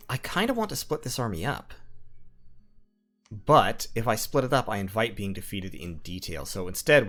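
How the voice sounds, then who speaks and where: A man's voice: lowish voice, fairly bright tone. A man recording gameplay commentary at home, methodically thinking aloud through his plans and numbers. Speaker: strategy game let's-player.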